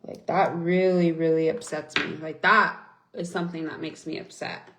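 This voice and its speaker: A woman's voice: low-pitched, fairly even intonation, moderate pace, roomy sound, noisy background. A young woman venting angrily and swearing in a casual livestream chat, reading and answering viewers. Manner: angry, venting, swears often. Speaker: livestream host.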